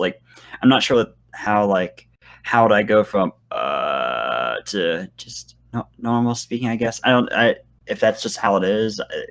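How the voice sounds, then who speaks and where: A male-sounding voice student chatting casually with his teacher over a voice call, rambling and laughing often. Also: on the low side. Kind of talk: casual lesson chat.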